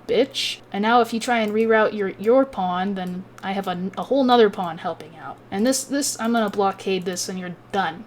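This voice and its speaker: A woman's voice: medium pitch, moderate pace, hardly any pauses, slight background noise. A woman with a Southern American accent, a chess streamer casually analyzing a game, chatty and swearing freely.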